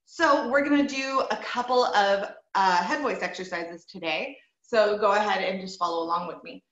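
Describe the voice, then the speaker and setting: Leading an online group voice lesson, a woman encourages her students and demonstrates sounds as she explains, modeling owl hoots and bird sounds. Her mid-range voice is a bit bright and moves at a moderate pace. The call audio is echoey, dull and lo-fi.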